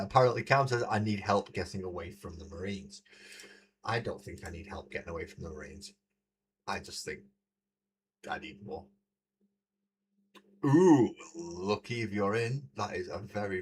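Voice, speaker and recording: A man's voice: deep voice, normal speed, pauses often, slight background noise. A man hosting a casual livestream, chatting and laughing often as he paints miniatures at a desk mic. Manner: chatty, laughs often, reads out chat messages. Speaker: livestream host. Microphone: desk mic, moved close to the face.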